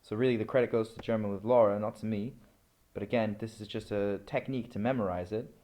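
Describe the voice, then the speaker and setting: A language learner vlogger talks casually through a screen-recorded study session, chatty and rambling, correcting himself as he goes. His voice is lowish and warm, with fairly even intonation and a quick pace.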